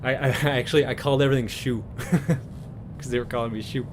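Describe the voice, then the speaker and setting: A man's voice: mid-range voice, steady tone, fairly quick, noisy background. A man from Newfoundland hosting a live stream, chatting casually with viewers in a rambling way and chuckling often between thoughts. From Newfoundland, Canada.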